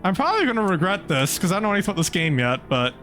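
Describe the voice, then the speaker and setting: A man streaming a game live, talking casually and excitably and swearing freely. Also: sits high, very fast, soft background music.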